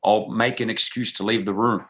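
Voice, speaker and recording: A man's voice: lowish voice, fairly even intonation, normal speed, a bit bright. A radio host in his thirties from Australia, telling a story as an interview guest and acting out the people he quotes.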